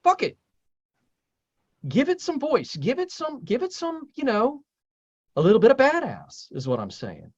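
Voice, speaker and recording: A man's voice: huge pitch swings, unhurried, pauses often, muffled recording. A man hosting a casual group talk as a spiritual teacher, emphatic and blunt, swearing freely. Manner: emphatic and profane, swings loud and high when stirred.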